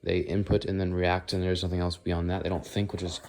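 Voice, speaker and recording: Low, gravelly-voiced teenage guy rambling. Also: flat delivery, fairly quick, darkish tone, a little hiss or hum. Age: teens. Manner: rambling, thinking aloud, self-interrupting. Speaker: vlogger. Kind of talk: casual walk-and-talk monologue. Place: walking, talking on the move.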